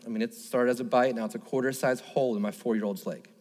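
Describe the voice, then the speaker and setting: A pastor in his thirties gives an earnest sermon in an ordinary middle male pitch, with a darkish tone, fairly even intonation and a fast pace. He shares a personal story, then builds to urgent, repeated phrases, all echoing with the long reverb of a large hall.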